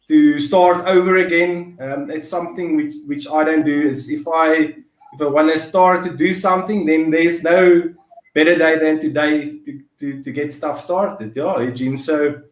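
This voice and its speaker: High-voiced South African man, echoey room. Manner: rambling, with many fillers and repeated words. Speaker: co-host. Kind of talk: casual business chat show.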